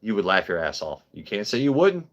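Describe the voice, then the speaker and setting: A man's voice: on the low side, fairly quick, dull audio. A man hosting a live stream, telling a story casually with lots of swearing and rambling restarts. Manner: rambling, profane, animated. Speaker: host.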